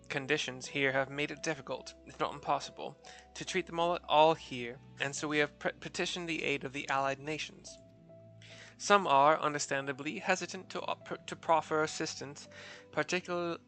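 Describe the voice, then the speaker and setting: A man's voice: a little high, sharp tone. A man reading as a composed, formal woman leader. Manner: formal, measured reading with self-corrections.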